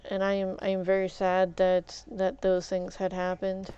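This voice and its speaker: A woman streamer chatting casually while gaming, halting and restarting often with fillers. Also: medium pitch, completely flat delivery, dark tone, clear, resonant tone, muffled recording.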